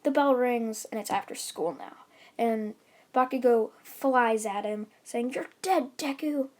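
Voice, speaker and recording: A woman's voice: fairly high pitch, steady tone, a little slow. A woman casually retelling a fan story, rambling with many fillers and restarts.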